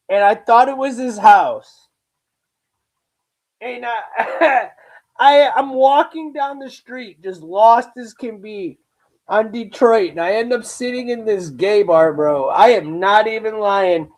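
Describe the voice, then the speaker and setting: A man's voice: very high-pitched, darkish tone, rough recording. A young man hosting a livestream, rambling through a story in casual slang and chatting to viewers. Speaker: livestream host.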